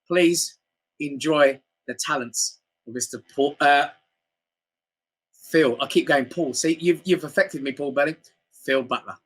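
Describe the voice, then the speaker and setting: A man's voice: on the high side, measured pace, long pauses, a bit bright, breathy edge. A man hosting a chat show, upbeat and encouraging, introducing acts and passing on viewer questions. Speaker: host.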